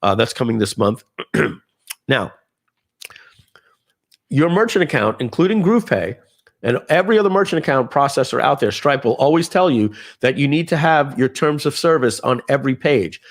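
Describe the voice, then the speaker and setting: A man giving a casual live software demo, talking viewers through settings with fillers and asides. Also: mid-range voice, moderate pace. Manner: lively, conversational, with frequent fillers and asides. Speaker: software trainer.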